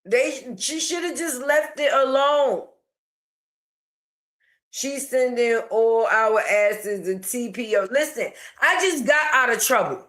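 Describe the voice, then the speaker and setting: A woman's voice: a little high, slow, a bit bright. A woman giving a sassy, slangy commentary rant, mocking and talking back to the person she discusses. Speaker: online commentator.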